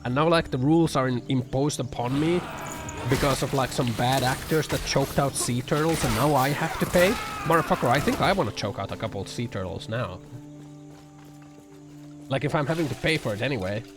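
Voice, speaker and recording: A man's voice: mid-range voice, brisk. A man streaming from his apartment, chatting with viewers in a sarcastic, profane, rambling way full of fillers. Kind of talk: casual chat reacting to viewer comments. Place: home apartment. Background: background music.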